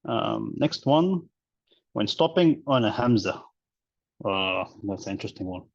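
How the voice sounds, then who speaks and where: A male teacher explaining recitation rules in a casual online class, relaxed and chatty with many fillers and restarts. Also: lowish voice, unhurried, creaky, no room sound, muffled recording.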